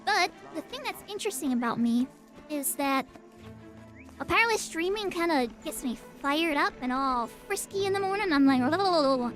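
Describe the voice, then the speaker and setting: A woman's voice: very high-pitched, animated, normal speed, a bit bright, soft background music. A woman streaming a game and chatting playfully, tired but upbeat, through a voice changer. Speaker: VTuber streamer. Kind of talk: casual gaming livestream chat.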